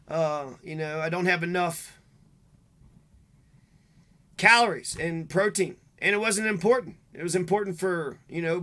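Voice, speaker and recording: Man, solo vlog rant, bitter and profane; high, piercing delivery. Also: sharp tone. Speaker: vlogger. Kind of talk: rambling angry monologue.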